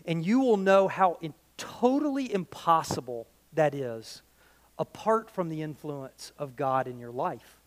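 Guy pastor mid sermon, talks to the crowd like a chat, kinda high voice, asks lots of questions. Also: a little slow. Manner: animated, conversational preaching with rhetorical questions.

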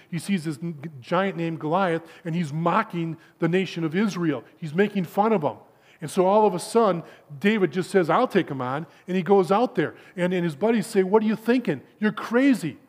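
A man preaching a sermon to a gathering of men, telling stories with stammered repeats and dropping to a hushed low for emphasis. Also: a little fast.

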